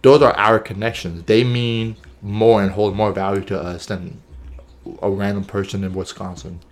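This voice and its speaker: At a moderate pace and with fairly even intonation, a man with a fairly low pitch co-hosts a casual podcast. He muses earnestly aloud, often tossing in "right?" and "you know what I'm saying?"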